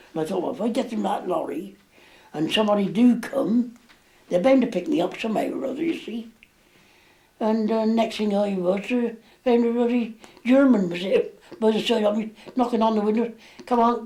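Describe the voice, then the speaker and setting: A man's voice: sits high, gravelly, warm tone. A man, recounting memories in an interview, rambling with plenty of fillers. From England. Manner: rambling, dialect grammar, many fillers. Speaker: war veteran interviewee.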